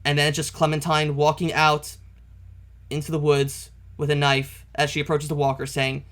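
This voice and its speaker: Higher-voiced man narrating comic panels. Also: completely flat delivery, normal speed, a bit bright. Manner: narrates panels step by step, correcting himself; openly dismayed commentary. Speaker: comic reaction video host. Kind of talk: reading a comic aloud and reacting.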